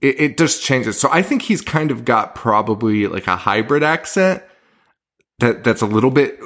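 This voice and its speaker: A man co-hosting a casual horror movie podcast, loose and profane, laughing often and talking in quick bursts. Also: medium pitch, sing-song, a bit bright. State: hungover. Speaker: podcast co-host. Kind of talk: casual chat.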